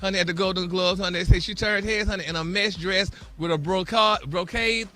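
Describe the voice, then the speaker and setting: A man dishes celebrity gossip on a radio morning show in a high, very bright, sharp voice. He is sassy and dramatic and calls everyone honey between sentences. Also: fairly even intonation, a little fast. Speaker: gossip correspondent. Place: radio studio.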